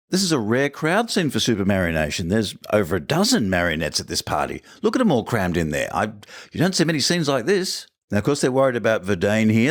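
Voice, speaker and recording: A podcast host with a fairly low voice reviews an episode in wry, joking commentary. He fires off one rhetorical question after another.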